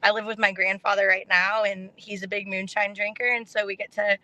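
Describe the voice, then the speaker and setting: A young adult woman from North Texas, chatting casually as a guest on a podcast and telling her story in a relaxed way. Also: medium pitch, brisk. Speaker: contestant guest.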